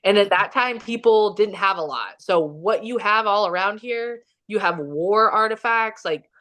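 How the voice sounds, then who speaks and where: A woman's voice: medium pitch, a little slow, a bit bright. A woman, a podcast guest from Kansas City, telling a long personal story in a casual, rambling way with many fillers, acting out the quotes. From Kansas City, Missouri. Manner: rambling, filler-heavy, acts out quoted dialogue.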